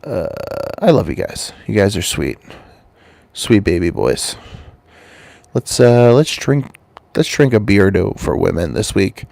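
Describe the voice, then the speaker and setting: Hosting his channel while sick with a cold, a man rambles through a crude comic monologue packed with swearing, his voice stuffy and congested. It's low, sing-song and unhurried, with vocal fry and frequent pauses, and his loose delivery swings between mumbling and sudden loud jumps; the recording is dry.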